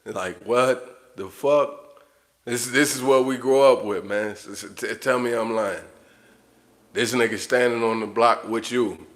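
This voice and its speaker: At normal speed and in a steady mid-range voice, a livestream host delivers an unscripted rant to his viewers. He is blunt and profane, and he keeps repeating himself.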